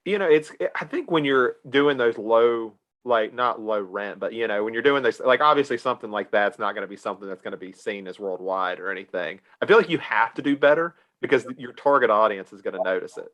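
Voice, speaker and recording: Relaxed young man with a mid voice. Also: on the low side, brisk, few pauses. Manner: relaxed, hedging, full of fillers. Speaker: podcast co-host. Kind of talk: casual film chat.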